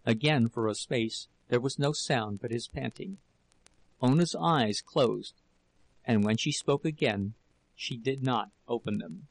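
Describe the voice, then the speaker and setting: A man narrating a novel in a slow, dramatic reading. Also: mid-range voice, vocal fry, rough recording. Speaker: audiobook narrator. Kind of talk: scripted narration.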